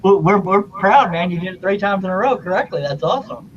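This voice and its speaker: A man's voice: sits high, animated, fairly quick, crowd noise. A man teasing and joking at his own expense on a casual video call. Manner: teasing, self-deprecating. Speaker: guest on call. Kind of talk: casual group video chat. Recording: loud noise, muffled audio.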